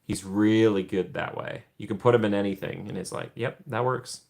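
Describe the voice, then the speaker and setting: A man's voice: lowish voice, fairly even intonation, fairly quick, gravelly, a little mellow. A young man hosting a casual livestream from home, chatting with viewers in a rambling way, laughing often and trailing off. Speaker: livestream host.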